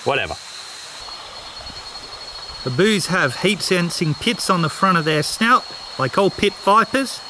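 A man's voice: high voice, expressive, a little slow, pauses often, noisy background. A man with an Australian accent hosting a wildlife vlog outdoors by a creek at night, chatty and calling the animals mate. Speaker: wildlife vlogger host. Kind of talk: casual field narration. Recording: outdoor recording with loud insects. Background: crickets and insects.

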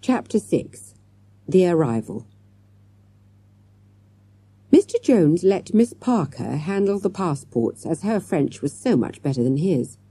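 A woman reading a children's story aloud as an audiobook, in a lively, expressive way. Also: fairly low pitch, slow pace, long pauses, breathy edge, no room sound. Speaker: audiobook reader. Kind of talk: scripted children's story narration.

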